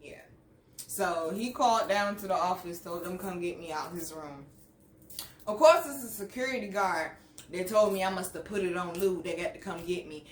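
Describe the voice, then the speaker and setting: A woman telling a story with a lot of profanity and laughter, then dropping to hushed asides, in a casual chat on her channel. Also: a little high. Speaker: channel host. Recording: echoey room with faint noise.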